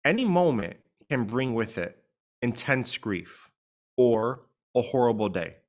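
A man co-hosts a podcast conversation as a grief coach, speaking earnestly and emphatically and leaning hard on key words. His medium-pitched voice is very animated and a little slow.

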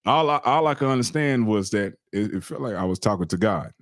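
A middle-aged man hosting a podcast, telling a personal story in an earnest, animated, slangy way. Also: on the low side, a little fast, dry recording, clean studio sound. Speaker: podcast host. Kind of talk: casual storytelling chat.

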